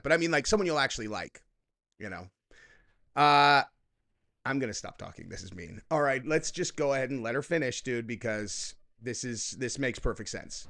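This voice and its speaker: A man in his thirties hosting political reaction commentary, sarcastic and mocking with loud outbursts. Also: mid-range voice.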